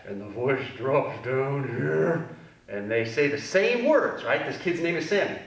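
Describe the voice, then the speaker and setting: A man's voice: mid-range voice, very animated, a little slow, gravelly. A man leading a children's taekwondo class, upbeat and playful with goofy asides. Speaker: kids' taekwondo instructor in costume. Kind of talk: children's fitness class instruction. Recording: echoey room from a distance with music.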